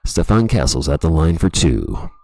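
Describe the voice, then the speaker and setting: A man putting on a smooth, slow late-night radio DJ announcer voice, speaking calmly into a desktop microphone. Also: dry recording, full character voice. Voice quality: deep gravelly announcer voice. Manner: slow, laid-back, soothing delivery. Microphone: USB desktop microphone.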